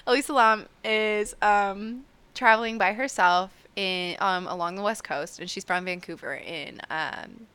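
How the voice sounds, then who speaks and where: A woman's voice: mid-range voice, a little slow, pushed and bright, clean tone, no echo. A young woman co-hosting a podcast, casually telling a mystery story with frequent laughs and rambling fillers. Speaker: podcast co-host.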